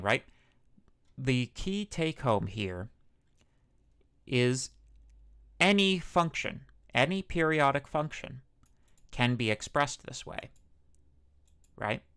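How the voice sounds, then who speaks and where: Through a microphone, a man with a medium-pitched, fairly bright voice gives a casual university lecture. Fillers and self-corrections pop up, along with a few jokes, among them a quip about his own smooth, radio-style voice.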